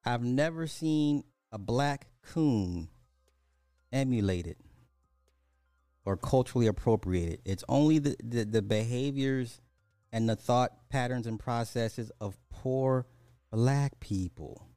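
A man's voice: medium pitch, slow pace, dark tone, clean tone, dry recording, faint music behind. A man hosting a social commentary podcast, speaking bluntly and often repeating rhetorical questions. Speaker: podcast host.

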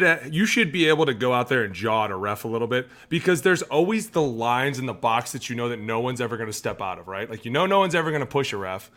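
A man's voice: medium pitch, bright, forceful tone. A man in his thirties, a former football lineman, chatting brashly and cursing freely on a sports podcast. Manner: brash, opinionated, swears freely. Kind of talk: casual sports chat.

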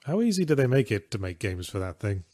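A man's voice: lowish voice, big pitch swings, fast talker, warm tone, dry recording. Dry-voiced man reading donations. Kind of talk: casual stream chat.

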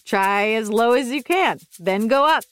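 Lively encouraging woman music teacher. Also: on the high side, measured pace, clear, resonant tone, dry recording. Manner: encouraging, talks to viewers at home. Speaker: music lesson host. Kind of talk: upbeat kids' music lesson.

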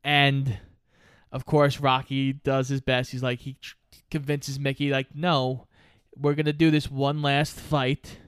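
Animated man retelling film scenes. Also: mid-range voice, unhurried, clear, resonant tone, no echo, studio quality. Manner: animated storyteller, acts out quotes, swears. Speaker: podcast co-host. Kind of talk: casual chat.

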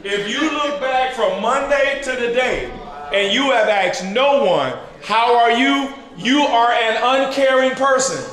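A man preaching at a leader training, teaching through call-and-response and building to shouted peaks. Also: very high-pitched, unhurried. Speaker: pastor leading a leader training. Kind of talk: sermon-style teaching. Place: large church hall with an audience. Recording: echoey hall with crowd responses.

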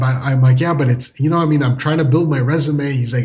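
Male storyteller, casual and rambling, mid-pitched. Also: fairly quick, darkish tone. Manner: rambling, restarts, lots of "like". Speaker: storyteller guest.

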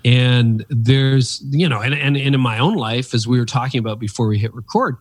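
A man in his fifties, an author and speaker, telling stories in an interview with emphatic, animated delivery. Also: normal speed, no room sound. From Canada. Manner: animated, emphatic storyteller with pitch leaps. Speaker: podcast guest, author and speaker. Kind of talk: reflective interview storytelling.

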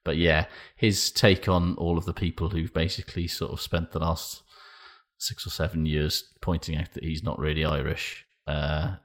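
A man's voice: a bass voice, little pitch movement, normal speed. A man co-hosting a podcast, chatting casually about rugby news in a dry, sweary way and laughing often. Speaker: podcast co-host.

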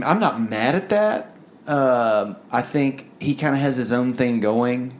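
A man's voice: mid-range voice, lively intonation, takes it slowly, a little hiss or hum. A man co-hosting a music review show, talking earnestly in a rambling way with many fillers. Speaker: podcast co-host. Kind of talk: casual music review chat.

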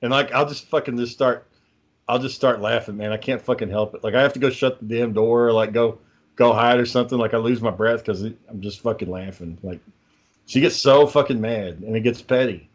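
A man's voice: medium pitch, steady tone, fairly quick, dull audio. Profane rambling man. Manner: profane, rambling, laughs while telling stories. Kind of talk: casual storytelling chat.

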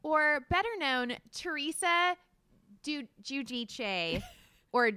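A woman's voice: high voice, animated, slow, sharp tone, dry recording. Woman, twenties, podcast co-host, giggly, rambling, crude jokes, dry close mic. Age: 20s. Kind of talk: casual chat.

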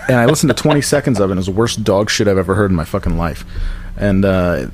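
Male podcast co-host, low voice, casual and profane, quick to laugh. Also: darkish tone, slight background noise. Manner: loose, profane, laughs often, slips into mock voices. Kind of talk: casual chat.

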